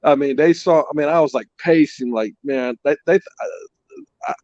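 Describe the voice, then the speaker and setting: A man telling a story in a casual chat, animated and laughing as he goes. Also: on the high side, moderate pace. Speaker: co-host, father of the host. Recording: dull, dry lo-fi sound.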